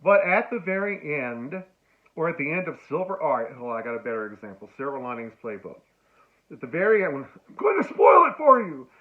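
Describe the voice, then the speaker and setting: A man giving a casual lecture on film, telling stories and acting out lines with sudden loud bursts. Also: mid-range voice, fairly quick. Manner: animated storyteller, acts out quotes with sudden loud squeals. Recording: tinny phone-like sound.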